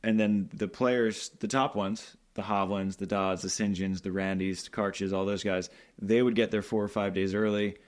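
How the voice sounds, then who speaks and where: A man hosting a podcast, chatting in a relaxed, conversational way and sharing his own stories. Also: fairly low pitch, normal speed, hardly any pauses. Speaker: podcast host, reporter. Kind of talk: casual conversation.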